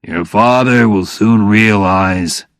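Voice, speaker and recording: A man reading aloud and voicing a friendly older father who speaks plainly and warmly, in slow, gravelly tones. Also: fairly low pitch, no room sound, studio quality. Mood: earnest. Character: warm, friendly older working-class father.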